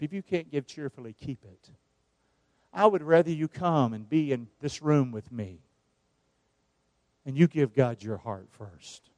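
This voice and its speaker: A man's voice: medium pitch, a little mellow, dry recording, clean studio sound. A man preaching a sermon as pastor, drawing the congregation into call-and-response. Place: church sanctuary.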